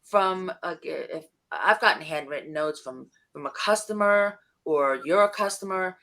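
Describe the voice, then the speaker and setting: A woman, a founder and CEO, giving business advice in a casual panel chat, with an animated, comic delivery full of acted-out quotes. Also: fairly low pitch, moderate pace.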